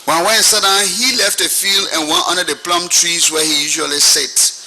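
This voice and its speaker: A man in his seventies with a Liberian accent, giving testimony to a commission as a lively storyteller who acts out what people said. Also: sits high, brisk, a little hiss or hum, poor audio. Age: 70s. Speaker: commission witness.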